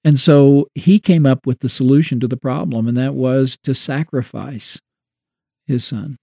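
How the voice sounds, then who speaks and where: A man's voice: medium pitch, steady tone, measured pace, creaky, mellow, no echo. A man co-hosting a Christian talk show, explaining theology in a thoughtful, conversational way. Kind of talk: Christian radio discussion.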